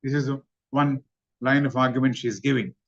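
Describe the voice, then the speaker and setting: A man with an Indian English accent gives a study-class talk, in a measured way that recaps and repeats points. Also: mid-range voice, fairly even intonation, gravelly. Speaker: lecturer on theosophy. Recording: dull lo-fi recording.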